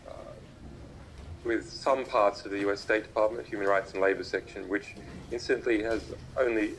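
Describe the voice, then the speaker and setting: A man gives a talk from afar over a video call, his voice low and gravelly. He halts often, filling pauses with uh and um and restarting sentences. A faint hiss of background noise sits under him. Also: poor audio. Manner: halting, many uh and um fillers and restarts. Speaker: invited speaker on a video link. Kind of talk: remote public talk. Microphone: video call played through a laptop speaker.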